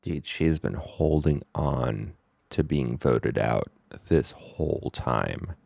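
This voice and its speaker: Deep raspy guy reacting to a reality show on stream, blunt, dry close mic. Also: animated, slow, darkish tone, dry recording, soft background music. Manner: blunt, incredulous, swears casually. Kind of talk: casual reaction commentary.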